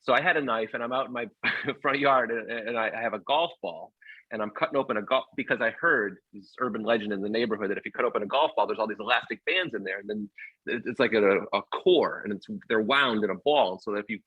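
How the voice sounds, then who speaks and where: A man telling a childhood story in a halting way, with many fillers and restarts. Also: fairly low pitch, slightly rough, dry recording, muffled recording. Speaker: guest storyteller. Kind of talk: personal storytelling.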